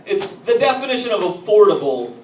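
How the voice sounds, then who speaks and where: A man doing a stand-up comedy routine on a club stage, telling edgy jokes and bantering with the crowd, at times getting loud. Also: high voice, big pitch swings, fairly quick. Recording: echoey, distant, noisy live room.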